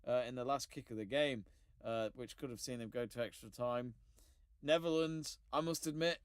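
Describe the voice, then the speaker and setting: A man hosting a casual sports chat show, upbeat and animated as he presents. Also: on the high side, clear, resonant tone, dry recording, studio quality. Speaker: host.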